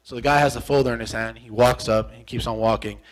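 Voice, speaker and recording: A young American man, formerly a soldier, recounts a tense memory in a relaxed sit-down interview. His storytelling is animated and full of repetition, and he slips into the voices of the people in the story. His pitch sits in an ordinary middle range. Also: quick pace, low-quality recording. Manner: animated, repetitive storytelling that acts out remembered dialogue.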